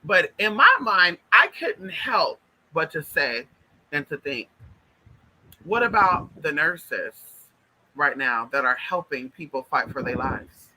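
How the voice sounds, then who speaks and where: Speaking slowly and expressively, a male spiritual vlogger with a very bright, sharp, slightly high voice delivers a casual monologue straight to his viewers over poor audio. He is emphatic, repeats himself, and often calls his listeners honey and y'all.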